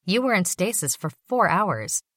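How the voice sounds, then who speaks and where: A woman reading the part of a brisk, polite female secretary who is sympathetic but businesslike. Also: lowish voice, very animated, a bit bright, no echo, studio quality, voice pushed up.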